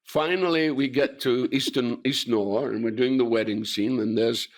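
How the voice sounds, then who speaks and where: A man's voice: mid-range voice, steady tone, moderate pace. An older man, an actor being interviewed, telling stories with lots of swearing and acted-out voices. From Scotland. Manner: swears freely, acts out quoted voices. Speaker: actor guest. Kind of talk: animated anecdotal interview.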